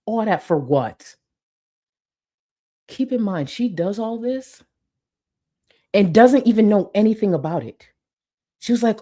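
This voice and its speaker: A woman's voice: medium pitch, animated, a little slow, long pauses, dark tone. A young adult woman doing blunt, sarcastic reaction commentary, swearing freely as she talks back to a clip. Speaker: commentary YouTuber reacting to a livestream.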